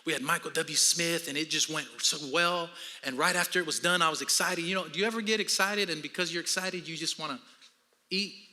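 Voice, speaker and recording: Bright, high-voiced preacher man in his fifties. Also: brisk, a little hiss or hum. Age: 50s. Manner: storytelling with humor, preaching to a congregation. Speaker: pastor. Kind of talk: sermon.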